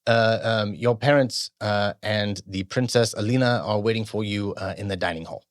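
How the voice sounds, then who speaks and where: A man's voice: lowish voice, moderate pace, no echo, studio quality, close to an everyday voice. A man voicing a nervous young male palace guard who stammers and fills with ums.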